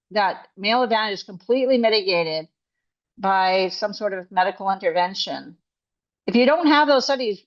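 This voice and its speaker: A woman's voice: fairly high pitch, lo-fi sound. A woman coach and author speaking as an interview guest, emphatic and indignant, often restarting her sentences. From Canada.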